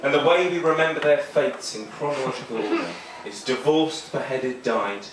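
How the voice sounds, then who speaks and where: A man doing a stand-up comedy set on a small club stage, rambling and self-deprecating with a deadpan delivery. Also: mid-range voice, normal speed. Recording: echoey club, mic heard from far, noisy.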